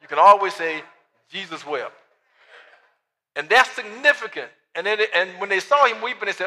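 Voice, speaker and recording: A male pastor preaching a sermon, telling a Bible story with dialogue in quiet asides and building up to shouts. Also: sits high, animated, a little fast, in a large hall.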